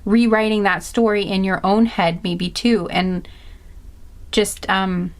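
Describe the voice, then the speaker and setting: Woman, card reader, passionate, emphatic, repetitive, filler-heavy, medium pitch. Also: fairly even intonation, takes it slowly. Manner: passionate, emphatic, repeats phrases with many fillers. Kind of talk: intuitive pick-a-card reading.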